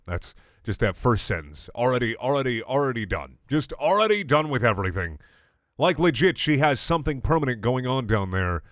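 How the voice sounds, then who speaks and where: A young man reads fan fiction aloud for laughs and keeps breaking off into sarcastic, sweary rants. His voice sits at an ordinary middle pitch. The recording is dry and close, with no room around it. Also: sing-song, a little fast, fairly bright tone, no echo. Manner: exasperated, sarcastic, sweary ranting. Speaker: online comedy reader. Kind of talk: comedic dramatic reading with rants.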